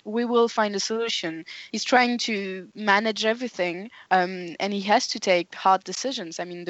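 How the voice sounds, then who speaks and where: A woman co-hosting a podcast, talking through a book in a thoughtful, measured way with small restarts. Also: mid-range voice, no room sound. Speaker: podcast co-host. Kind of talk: casual book discussion. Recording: dry, slightly dull audio.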